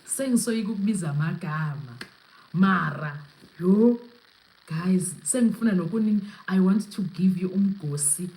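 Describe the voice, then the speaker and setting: A young South African woman hosts a live podcast in a lowish, dark voice at a moderate pace, chatting casually and animatedly. She mixes English with Zulu and laughs often, and the recording quality is poor.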